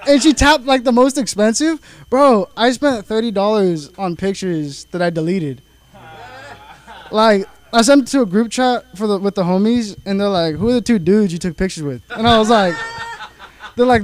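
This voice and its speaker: A nineteen-year-old man tells a rambling stand-up story at an open mic, his voice sitting high for a guy. He talks loosely, packing in fillers and curses as he goes. The crowd's laughter breaks in now and then. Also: animated, normal speed. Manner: casual storytelling, heavy filler and profanity. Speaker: stand-up comedian. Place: comedy club stage. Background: audience laughter.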